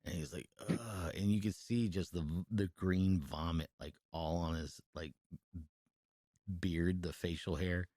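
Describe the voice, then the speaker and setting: A man with a somewhat low voice talks through a film's plot in loose, cursing podcast chat. He trips over restarts and "like"s as he goes. The sound is dry and close, with no room around it. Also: steady tone, measured pace, dark tone, no room sound. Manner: rambling and profane, full of fillers and restarts, laughs while telling. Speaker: podcast co-host reviewing a movie. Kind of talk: casual chat, retelling a film.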